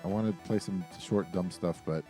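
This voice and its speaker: A man's voice: sits low, moderate pace, warm tone, faint music behind. A man co-hosting a casual gaming podcast, talking loosely with lots of fillers and swearing. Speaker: podcast co-host.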